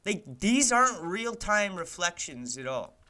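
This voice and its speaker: This young indie developer talks live while building a game, his bright, sharp, slightly high voice swinging widely in pitch at a measured pace. The stream-of-consciousness commentary is casual and exasperated, full of swearing at his software and sprinkled with "like" and "man."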